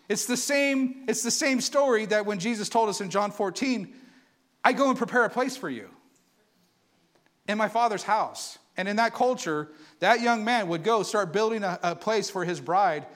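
Animated high-voiced preacher. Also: male voice, moderate pace. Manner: animated, conversational preaching with call-and-response. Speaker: pastor. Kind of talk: sermon.

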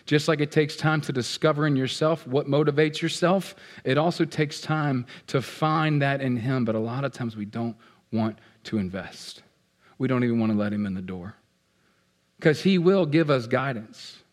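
A man preaching a sermon as pastor, animated and playful, swinging between loud outbursts and hushed asides. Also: medium pitch, normal speed. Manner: playful, acts out what people feel.

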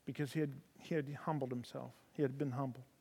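A man preaching a sermon in folksy storytelling style with humor, swinging from loud emphasis to soft, low delivery. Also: fairly even intonation, fast, gravelly, breathy edge. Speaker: preacher in a horse ministry. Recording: long hall reverb.

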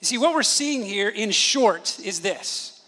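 Male pastor, 30s, high bright voice, animated sermon delivery with acted-out voices. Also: measured pace. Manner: animated storytelling, acts out voices of his children.

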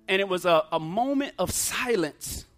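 A man's voice: high voice, lively intonation, moderate pace, fairly bright tone, faint music behind. A middle-aged man preaching a sermon testimony, emphatic, using call-and-response.

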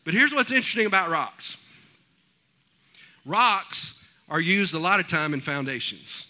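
Bright-voiced pastor preaching. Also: male voice, sits high, measured pace. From East Texas. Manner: folksy storytelling, animated. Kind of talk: sermon.

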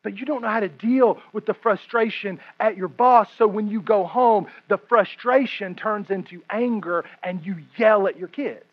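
A man in his thirties, a pastor, preaching a sermon to a congregation, swinging between hushed and loud delivery. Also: high-pitched, moderate pace, few pauses. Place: room with a congregation. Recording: muffled lo-fi recording.

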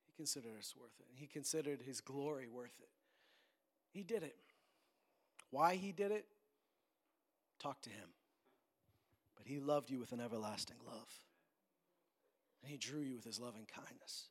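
A male pastor preaching a sermon, swinging between loud, ringing declarations and low, soft pleading. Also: moderate pace, pauses often. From Canada.

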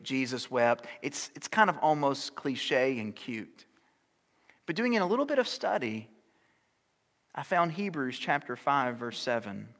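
A middle-aged man preaching a sermon as pastor, shifting from loud, urgent exhortation down to soft, near-whispered lines. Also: mid-range voice, vocal fry. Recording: long hall reverb.

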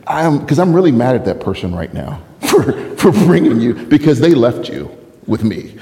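A man preaching a sermon as pastor, telling a story with lively laughs and acted-out dialogue. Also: mid-range voice, moderate pace, long reverb tail. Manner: animated storyteller, laughs often, acts out quoted dialogue.

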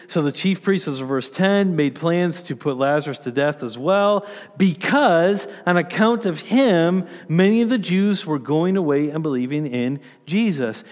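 A man preaching a sermon as pastor, earnest, stressing key lines and dropping to quiet asides. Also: a little high, big-room sound.

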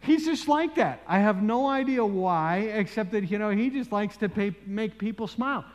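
A man preaching a sermon as pastor, telling stories in an animated way with frequent asides. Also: high voice, moderate pace, muffled recording. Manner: animated storytelling with frequent "you know" asides. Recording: long reverb in a large hall.

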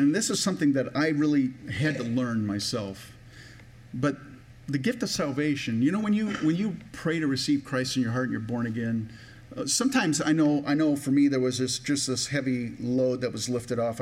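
Man, pastor, conversational sermon, full of restarts, a little emotional, faint background hiss. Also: mid-range voice. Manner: personal, conversational preaching with many restarts.

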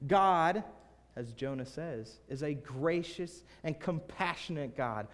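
Young male pastor, earnest sermon delivery moving between hush and emphasis, mid-pitched voice, long reverb of a church hall. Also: unhurried. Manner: earnest, swings from hushed to emphatic. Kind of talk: sermon with personal testimony and prayer. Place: church sanctuary.

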